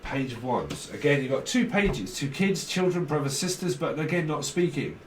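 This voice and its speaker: A man's voice: a little high, lively intonation, moderate pace, reverberant, far from the mic, slight background noise, low-quality recording. A man giving a casual tarot reading, rambling and blunt, swearing freely. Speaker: tarot reader.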